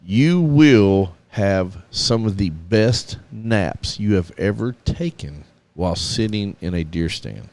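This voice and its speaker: A man's voice: lowish voice, lively intonation, slow, darkish tone, slight background noise. A man, co-hosting a casual radio talk show and joking around with friends in country slang. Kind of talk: casual banter among friends.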